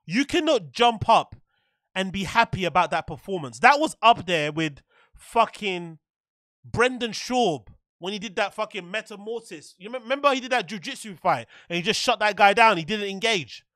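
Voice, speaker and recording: Young podcast host, bright tone, animated and profane rant, keeps firing the same question. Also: male voice, sits high, normal speed, no echo. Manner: animated, exasperated, profane, repeats his questions. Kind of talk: ranting commentary.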